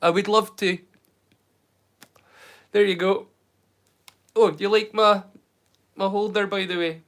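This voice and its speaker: A man's voice: high voice, fairly even intonation, a little slow, fairly bright tone. A Scottish man in his thirties chatting casually on a livestream, rambling and often repeating his first words. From Scotland. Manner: rambling, repeats words when starting sentences. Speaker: livestream host.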